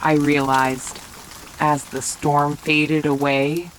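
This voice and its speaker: A woman telling a romantic bedtime story in a soft, whispered role-play. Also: deep voice, flat delivery, slight background noise, rough recording. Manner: slow, soft bedtime narration. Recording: faint rain sounds behind.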